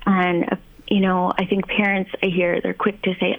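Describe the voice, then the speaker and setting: A woman talks as a child therapist in a relaxed podcast conversation, her mid-range voice carrying a gravelly fry. She is thoughtful and unhurried and often pauses on "um" and "you know.". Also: medium pitch, narrow, tinny audio.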